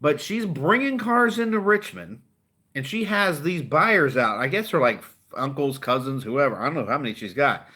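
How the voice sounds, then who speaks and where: A man's voice: a little high, animated, moderate pace, sharp tone, husky. A middle-aged man and car dealer giving a fired-up, profane, blunt motivational talk to his channel's viewers.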